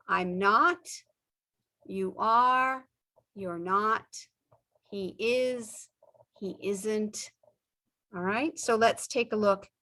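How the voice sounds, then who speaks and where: A middle-aged woman teaching a beginner English lesson, saying example sentences slowly with frequent pauses. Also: on the high side, sharp tone. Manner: stretches out example sentences, pausing often. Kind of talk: slow, deliberate ESL lesson.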